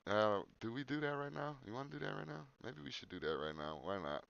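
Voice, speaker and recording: A man's voice: medium pitch, animated, fast talker, gravelly, fairly bright tone, clear, resonant tone, dry recording, lo-fi sound. A man hosting a podcast in casual chat, joking crudely and swearing. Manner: crude joking, breaks into silly put-on voices. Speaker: podcast host.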